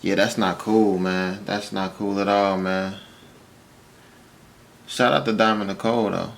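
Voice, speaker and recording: A man's voice: fairly low pitch, little pitch movement, unhurried, gravelly. A man hosting, reacting to a clip with short, sympathetic remarks. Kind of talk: casual reaction commentary.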